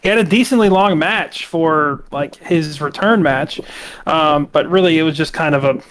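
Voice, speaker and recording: A man's voice: fairly high pitch, moderate pace, a bit bright. A young man co-hosting a casual podcast, recapping at length with lots of fillers and restarts. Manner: recaps at length with many fillers and acted-out quotes. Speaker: co-host.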